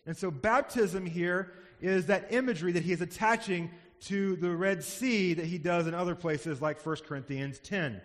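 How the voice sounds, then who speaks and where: A man's voice: sits high, moderate pace, few pauses, fairly bright tone. A man preaching a sermon as pastor, earnest and building to emphatic passages. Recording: long hall reverb.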